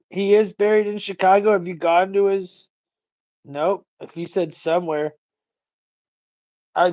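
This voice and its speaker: A man chatting on a livestream in a loose, rambling way, cursing freely and ranting off the top of his head. His voice sits high for a man, and the sound is very dry and close. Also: a little mellow, no room sound, low-quality recording. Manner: rambling, profane, ranting storyteller. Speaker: livestream host. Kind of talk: casual livestream chat.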